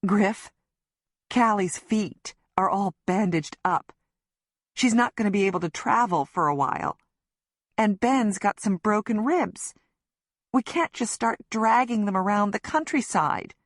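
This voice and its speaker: A frightened young mother held captive, as a woman reads her lines, pleading through tears and gasps. The reading is slow and careful. The recording is close and dry. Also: medium pitch, expressive, dry recording. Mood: coaxing. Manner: pleading, tearful, breathless. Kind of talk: audiobook narration.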